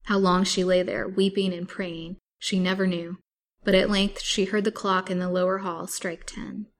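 A woman storyteller reading a classic novel aloud with steady, dramatic delivery. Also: medium pitch, moderate pace.

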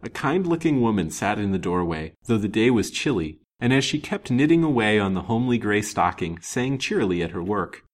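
Husky low-voiced male storyteller. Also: a little fast, hardly any pauses. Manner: expressive, old-fashioned reading. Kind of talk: storybook narration.

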